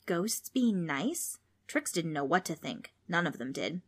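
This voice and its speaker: A woman narrating a children's storybook in an expressive, playful way. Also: fairly low pitch, unhurried, few pauses.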